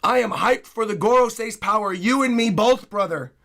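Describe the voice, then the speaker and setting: A fairly high-pitched man talks casually on a live stream, his voice hoarse and worn out. There's a gravelly fry running through his speech, and he flips quickly from easy chatter into excited, loud hype. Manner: excitable, bursts into loud hyped yelling. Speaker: streamer reacting to a comic chapter. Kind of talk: casual livestream chat.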